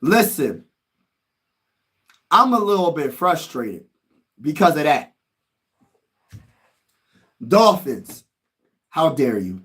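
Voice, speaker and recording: Livestream host, male, high-pitched voice, slangy and excitable; mutters low between loud outbursts. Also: slow, long pauses. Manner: slangy, talks straight to chat. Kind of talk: casual live-stream reaction commentary.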